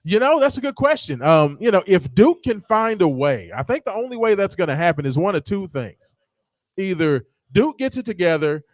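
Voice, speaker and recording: Sports host, high voice, dry close sound, chatty and excitable. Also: male voice, moderate pace, dry recording. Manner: lively, excitable storyteller, animated impressions. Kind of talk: casual sports talk.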